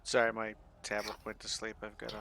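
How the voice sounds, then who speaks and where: A man's voice: lowish voice, monotone, quick pace, vocal fry, pushed and bright. A man playing a tabletop game, speaking briefly and unhurriedly. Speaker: player. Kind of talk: casual tabletop play.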